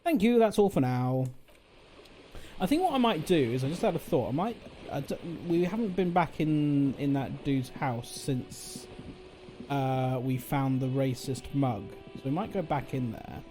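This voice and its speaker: A man's voice: medium pitch, animated, unhurried, mellow, faint music behind. A man streaming a video game, chatting casually and thinking aloud, rambling and correcting himself as he goes.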